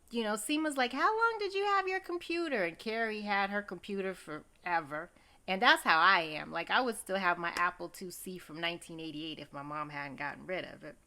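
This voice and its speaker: A woman's voice: medium pitch, pushed and bright. A woman recapping a TV episode in a chatty, gossipy way, exclaiming often and talking straight to her viewers. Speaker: TV recap host.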